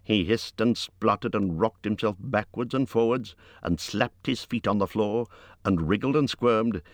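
A male narrator reads the story aloud in a measured, expressive way. His voice sits very low and deep. The sound is close and dry, with no room around it. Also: no room sound. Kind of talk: scripted audiobook narration.

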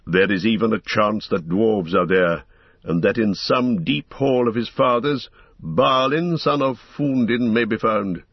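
A man giving voice to a grave old wizard, stern and commanding. The voice sits low and husky, and the words come measured and weighty, on a dull lo-fi recording. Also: no room sound. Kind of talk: audiobook character reading.

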